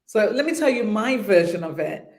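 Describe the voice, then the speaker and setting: A woman's voice: mid-range voice, expressive, normal speed, a little mellow. Lady host, chatty storyteller, sounds echoey in the room. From London. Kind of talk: casual interview chat. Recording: roomy.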